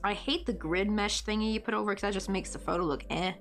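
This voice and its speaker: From home, a woman in her late twenties chats her way through a crochet live stream, thinking aloud, using many fillers, and chuckling frequently. She speaks quickly at a medium pitch, her tone a bit bright, over faint music.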